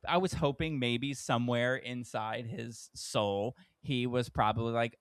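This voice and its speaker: A man's voice: normal speed, hardly any pauses, clear, resonant tone, no room sound. A man co-hosting a podcast who tells a story in casual chat, acting out the people he quotes with sudden jumps in his voice. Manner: animated storyteller, acts out quoted people with big pitch jumps. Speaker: podcast co-host.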